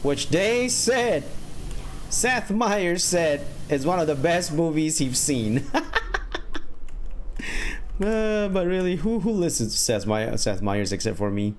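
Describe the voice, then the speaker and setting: A man's voice: fairly high pitch, sing-song, unhurried, a little hiss or hum. A young man chatting casually while streaming a game, rambling and laughing often. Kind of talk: casual gaming stream chat.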